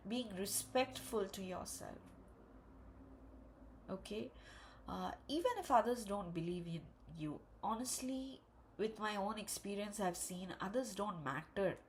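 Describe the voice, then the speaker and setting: A woman giving an emotional, encouraging tarot card reading, speaking slowly and with emphasis. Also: on the high side, slight background noise. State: tearful. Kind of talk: spiritual pick-a-card reading.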